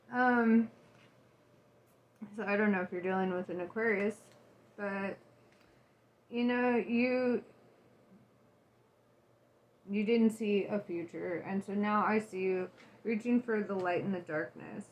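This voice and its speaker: A woman giving a casual tarot reading, candid and loose, swearing and laughing often. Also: mid-range voice. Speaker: tarot reader.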